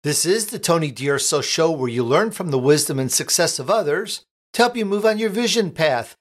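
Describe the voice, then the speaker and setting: Man hosting a radio show, fairly high voice. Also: animated, normal speed. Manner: smooth scripted announcing. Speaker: show host.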